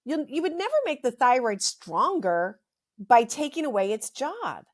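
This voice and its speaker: A middle-aged woman hosts a health podcast as a health practitioner, her fairly high voice very animated at a normal speed. She rants emphatically in an impassioned monologue, repeating phrases, and her throat sounds a little dry.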